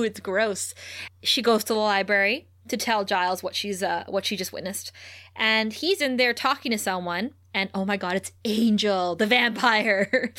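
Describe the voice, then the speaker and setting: A woman's voice: mid-range voice, sharp tone. A woman co-hosting a podcast, chatting casually and animatedly as she recaps a show, swearing freely and acting out the quotes. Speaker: podcast co-host.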